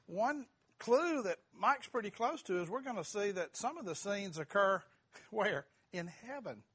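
A man's voice: high voice, a bit bright. A middle-aged man teaching a church Bible class, joking and quizzing the group. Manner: folksy, asks the group questions, self-deprecating humor.

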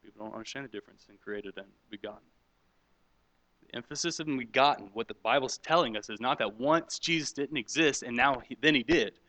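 Bright-voiced man teaching a Bible class. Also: medium pitch, fairly quick, dry recording, rough recording. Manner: conversational, asks the room questions and reacts to answers. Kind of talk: interactive sermon with audience questions.

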